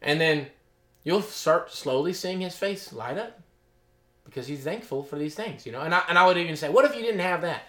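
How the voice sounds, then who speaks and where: A man's voice: on the high side, moderate pace, sharp tone. A middle-aged male pastor preaching a sermon, reading scripture aloud and explaining it in loose asides, often checking in with "okay?" and "you know?". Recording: echoey room.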